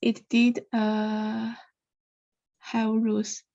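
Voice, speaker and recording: A woman student answering her lecturer over a video call in hesitant, halting bits. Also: a little high, completely flat delivery, vocal fry, mellow, highs cut off. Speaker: university student.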